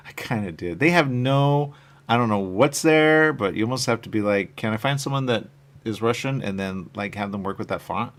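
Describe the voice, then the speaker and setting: A man hosting a live stream, chatting in a rambling, casual way about his comic covers and answering viewer comments, often trailing off quietly at the ends of his phrases. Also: lowish voice, moderate pace.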